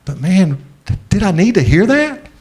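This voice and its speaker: A man's voice: high-pitched, sing-song, husky. Man giving a heartfelt keynote. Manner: storytelling, slows down and softens for emotional moments. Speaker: keynote speaker. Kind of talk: conference keynote speech. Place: large conference venue.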